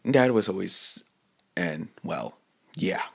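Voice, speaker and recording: Gravelly low-voiced man telling a rambling fan story. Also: big pitch swings, slow pace. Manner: hesitant, rambling, many filler words and restarts; reads characters' lines in a mostly plain voice. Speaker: fan-fiction narrator. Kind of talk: improvised retelling of a fan story.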